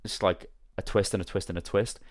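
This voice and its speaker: A man with a fairly low voice chats fast and loosely on a casual podcast. He rambles through an animated story, swearing freely. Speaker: podcast host. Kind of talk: casual chat.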